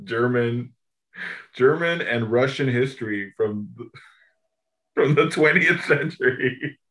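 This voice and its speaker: Male podcast co-host, mid pitch, bright voice, easy casual banter. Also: slow. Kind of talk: casual chat.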